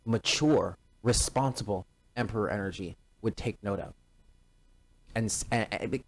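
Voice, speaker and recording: A man's voice: lowish voice, darkish tone, poor audio. A man giving a casual tarot reading straight to his viewers, emphatic and given to repeating himself. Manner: emphatic, repeats phrases, addresses listeners directly. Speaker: tarot card reader.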